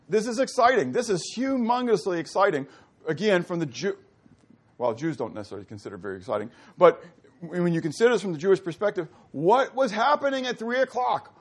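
High-voiced man preaching with rising questions. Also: moderate pace. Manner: animated teaching, asks the audience questions. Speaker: pastor. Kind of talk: sermon.

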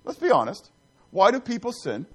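A pastor preaching a conversational sermon in church, asking the congregation questions and breaking off into asides with many restarts. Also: male voice, high voice, wildly swooping pitch, moderate pace, fairly bright tone, husky.

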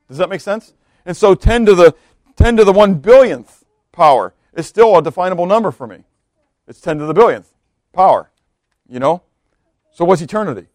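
A man's voice: high voice, a little mellow, no echo, studio quality. Man preaching with questions to the congregation. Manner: conversational preaching with repeated rhetorical questions. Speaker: pastor. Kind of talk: sermon.

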